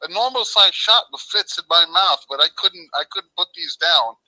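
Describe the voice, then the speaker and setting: A man's voice: high-pitched, animated, moderate pace, pushed and bright, poor audio. A hungover man chatting loosely and joking as a guest who calls in. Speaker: phone-in guest. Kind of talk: casual chat.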